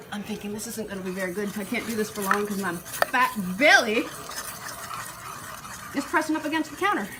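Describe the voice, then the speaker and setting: A woman hosting a casual live cooking demo, chatty and full of fillers, talking to viewers as you guys. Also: mid-range voice. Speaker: cooking show host. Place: kitchen counter. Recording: clattering kitchen dish noise. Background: cutlery and pot clatter.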